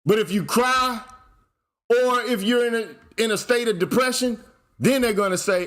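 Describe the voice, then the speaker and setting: A man's voice: extremely high pitch, normal speed, fairly bright tone. A man hosting his channel, ranting in casual commentary, blunt and profane, firing off repeated rhetorical questions. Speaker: channel host.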